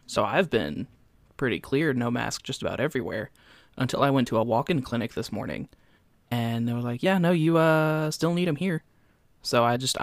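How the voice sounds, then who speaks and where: A man's voice: medium pitch, a bit bright, dry recording. A man co-hosting a podcast in casual chat, with wry, joking asides. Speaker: podcast co-host.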